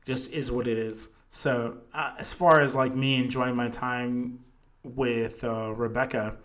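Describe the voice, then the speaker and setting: A man's voice: mid-range voice, steady tone, measured pace, fairly bright tone. A man hosting a podcast, telling a long story in casual chat, swearing constantly and rambling, a bit tipsy. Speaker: podcast host.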